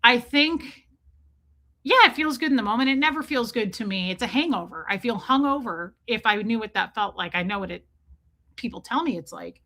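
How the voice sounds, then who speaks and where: A woman hosting a livestream, talking fast and emphatically, repeating herself and breaking off to thank viewers in the chat. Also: on the high side, expressive, pushed and bright. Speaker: livestream host. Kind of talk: casual livestream commentary.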